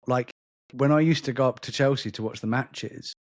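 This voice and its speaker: A man's voice: medium pitch, moderate pace, no room sound, clean studio sound. A man co-hosting a podcast in casual chat, with an accent between London and polished English, rambling and restarting his sentences. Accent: London mixed with a more polished English. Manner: rambling, repeats words and restarts often. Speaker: podcast co-host.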